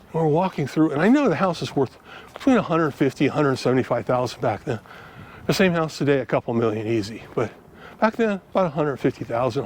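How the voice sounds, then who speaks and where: A man's voice: fairly high pitch, slight background noise. Folksy older man telling a story. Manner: folksy, chatty, acts out dialogue in his own voice. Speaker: vlogger giving selling tips. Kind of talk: casual storytelling monologue.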